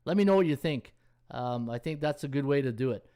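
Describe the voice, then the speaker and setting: A man's voice: mid-range voice, lively intonation, fairly quick, mellow, clear, resonant tone. A man hosting a casual sports betting live stream, rambling and thinking aloud as he scrolls through stats and thanks viewers. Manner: reads viewer comments and thanks them. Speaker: sports betting handicapper and host.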